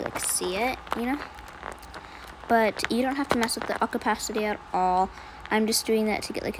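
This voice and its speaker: Casual young woman, rambling tutorial narrator, faint room hiss. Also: medium pitch. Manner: chatty, self-deprecating, rambling with fillers. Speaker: video editing tutorial creator. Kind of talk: casual screen-recorded tutorial voice-over.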